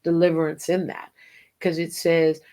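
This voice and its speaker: A middle-aged host and Christian singer presents a devotional program, teaching slowly and earnestly while occasionally breaking into hymns. Her voice sits low, with a warm tone and flat delivery.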